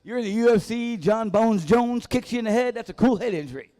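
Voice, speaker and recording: A man with a notably high voice performs stand-up in a dive bar comedy room. He rambles through profane, casual stories and keeps losing his place mid-thought. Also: lively intonation, brisk, mellow. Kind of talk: live stand-up set.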